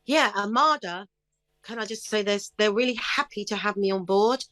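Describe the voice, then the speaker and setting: A middle-aged woman talks in an interview with a chirpy, upbeat manner and brings her stories to life. Her voice sits at an everyday pitch. The recording is close and dry, with no room sound. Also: normal speed, no echo. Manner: chirpy, upbeat, animated storytelling. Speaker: guest singer. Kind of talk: casual interview chat.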